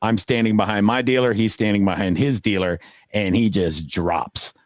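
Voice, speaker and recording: A middle-aged man with a low voice spins stories in a relaxed, profane way. He jumps high in pitch whenever he acts out what someone said. The recording is dry and close, with no room sound. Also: normal speed, no echo. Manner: animated, swears freely, acts out quotes with big jumps in pitch. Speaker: poker dealer telling stories on a podcast. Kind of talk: casual storytelling.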